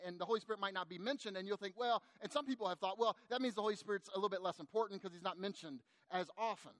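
A middle-aged pastor with an extremely high-pitched voice preaches in a conversational, animated style, addressing his congregation directly. The recording is dry.

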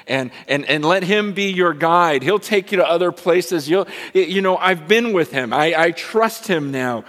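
A man in his forties, a pastor telling a lively personal story in a sermon, rising to excitement and dropping to hushed, prayerful tones. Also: a little high, normal speed, few pauses, long reverb tail. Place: large church hall with a congregation.

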